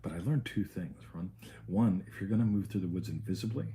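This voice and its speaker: Casting: deep-voiced American man, loose swearing podcast co-host, animated storyteller, faint room noise. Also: fairly quick. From United States. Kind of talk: casual chat.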